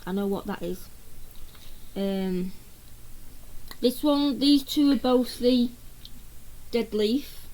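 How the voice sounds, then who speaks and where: A woman's voice: a little high, slow, long pauses, darkish tone, poor audio. A woman chatting casually on a live stream at home and greeting viewers by name, with a cough she keeps fighting.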